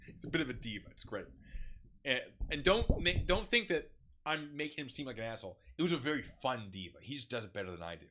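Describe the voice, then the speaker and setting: A man telling a story in a casual, animated way, laughing and swearing as he goes. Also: medium pitch, fast, a little hiss or hum.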